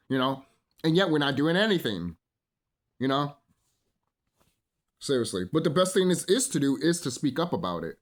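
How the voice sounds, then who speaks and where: A man's voice: medium pitch, very animated, normal speed, pauses often. A man hosting his own channel, talking in a rambling, emphatic monologue full of swearing and repeated "you know?" asides. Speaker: channel host. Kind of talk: casual unscripted monologue.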